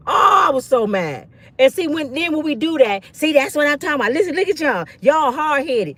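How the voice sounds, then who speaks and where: A woman hosting a show and telling animated stories, emphatic, preachy and sassy, with quick asides. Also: high-pitched. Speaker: host. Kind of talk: animated storytelling rant.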